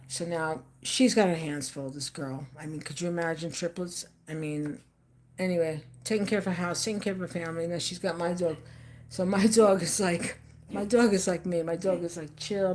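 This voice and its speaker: An older woman rambles through a live-stream monologue. She talks emphatically and circles back to repeat herself. Her voice sits on the low side for a woman. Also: fairly even intonation, normal speed, a little mellow, a little hiss or hum.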